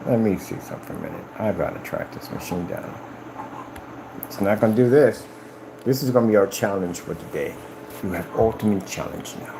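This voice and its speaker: A man talking casually on a live stream about his company's products, boastful and animated, often acting out conversations in a raised voice. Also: fairly quick, background noise. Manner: animated, boastful, retells conversations in high-pitched quoted voices.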